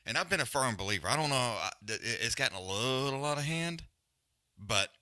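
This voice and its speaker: Clean studio sound with no room echo captures this man's medium-pitched, bright, forceful voice as he hosts a live fight-watch stream. He delivers a profane, casual rant full of heavy swearing and loose slang, restarting and trailing off into mutters, then shifts to calling the fight.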